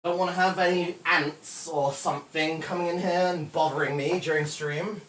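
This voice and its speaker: A man's voice: on the high side, fairly even intonation, normal speed, a bit bright. A male livestreamer chatting casually to his viewers, exasperated and swearing a lot as he cleans up.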